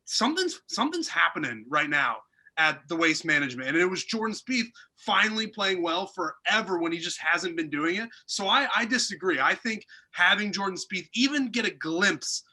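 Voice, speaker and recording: A man's voice: sits high, normal speed, hardly any pauses, sharp tone. A man co-hosting a podcast in casual chat, rambling with lots of fillers. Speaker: podcast co-host.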